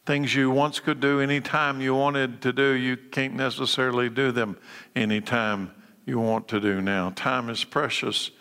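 A man preaching a sermon as pastor, swinging between urgent emphatic calls and low, quiet lines. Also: steady tone, normal speed, clear, resonant tone. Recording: long reverb of a large hall.

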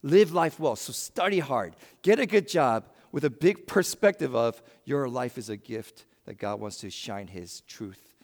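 Man preaching with dramatic loud-soft swings. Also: mid-range voice, lively intonation, unhurried, big-room sound. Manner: dramatic swings from loud emphasis to hushed delivery. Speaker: pastor. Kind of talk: sermon.

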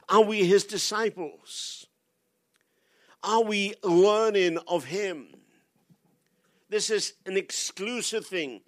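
An older man delivering a sermon at an unhurried, deliberate pace. His voice sits high for a man, and he keeps putting pointed rhetorical questions to the congregation. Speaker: guest preacher.

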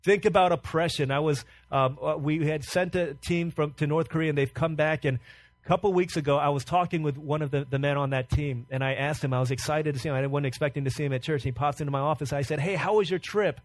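A man preaches with fervor, piling up rhetorical questions and dropping to hushed tones for emphasis. His voice sits fairly high for a man, and the close, dry recording leaves almost no room sound. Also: fairly even intonation, fast, no room sound. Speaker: pastor. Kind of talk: sermon.

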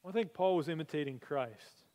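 Pastor preaching with animated energy. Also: male voice, fairly high pitch, brisk. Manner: animated storytelling, rising to excited peaks. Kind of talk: sermon. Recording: long hall reverb.

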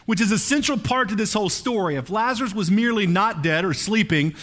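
A man preaching a sermon in a conversational, animated way, often checking in with his listeners. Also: sits high, fast. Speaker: pastor.

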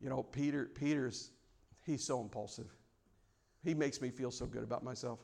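A man preaching a sermon, swinging between loud, mock-formal prayers and quiet, reflective stretches. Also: medium pitch, moderate pace, vocal fry. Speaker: pastor.

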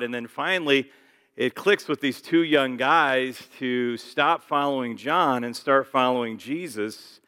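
A man's voice: medium pitch, measured pace, pushed and bright, smooth, long reverb tail. A male pastor giving a casual sermon with joking asides and frequent fillers, in a church sanctuary.

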